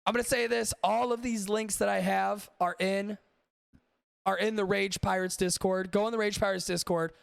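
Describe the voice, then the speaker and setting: Creaky high-voiced profane podcast man. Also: steady tone, normal speed, no echo, clean studio sound. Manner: profane, rambling, talks to chat. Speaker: podcast host. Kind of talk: casual livestream chat.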